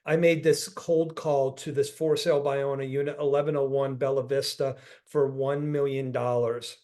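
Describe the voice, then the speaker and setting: A man's voice: mid-range voice, little pitch movement, normal speed, darkish tone. A man telling a heartfelt story on a video group call as a real estate coach, earnest, often repeating himself and restarting sentences. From northeastern US.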